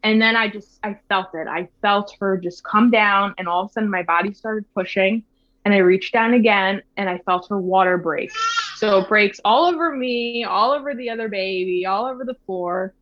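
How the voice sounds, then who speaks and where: A woman in her thirties telling her own birth story in a soft, reflective way, with lots of fillers and restarts. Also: mid-range voice, normal speed, no room sound. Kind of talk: casual personal storytelling. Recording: slightly dull, dry sound.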